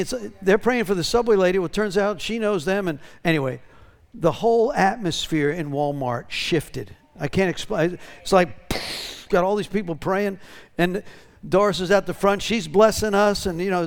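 A pastor talking casually to his congregation, drawing out testimonies and often checking in with "right?". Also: high-pitched. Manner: conversational, tag questions.

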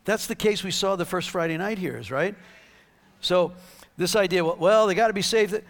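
High-voiced man preaching animatedly. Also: moderate pace. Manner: animated, acts out dialogue, laughs. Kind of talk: sermon with storytelling.

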